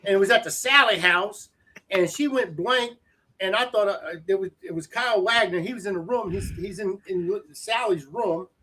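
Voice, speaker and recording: A man's voice: sits high, normal speed, pushed and bright. A man, a guest on a podcast, who tells anecdotes and chuckles through them. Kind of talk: casual chat. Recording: faint background hiss.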